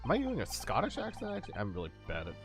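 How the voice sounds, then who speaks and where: Man reading a game on stream, animated. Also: medium pitch, racing, music in the background. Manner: casual, self-deprecating asides. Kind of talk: live game reading with commentary.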